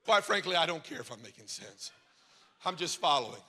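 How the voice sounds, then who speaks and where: A man preaching a revival sermon as pastor, shouting in a sung cadence at the peaks and dropping low and quiet in between. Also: sing-song, fairly quick, husky. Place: church sanctuary. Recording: long reverb of a large hall.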